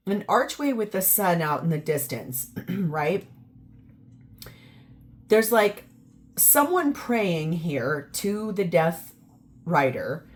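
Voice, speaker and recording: A woman with a somewhat low voice gives a casual tarot reading straight to her viewers. She talks emphatically, with an exasperated edge, and doubles up words to drive her points home. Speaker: tarot reader.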